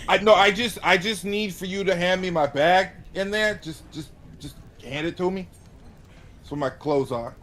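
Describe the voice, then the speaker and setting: A man playing a tabletop game who talks quickly and stammers. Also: sits high, fairly bright tone, slight background noise. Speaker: player.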